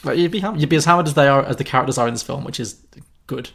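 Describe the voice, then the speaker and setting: A man's voice: mid-range voice, rapid-fire, vocal fry, a bit bright, breathy edge. A man co-hosting a podcast, chatting casually and enthusiastically about a film, laughing often. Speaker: podcast co-host.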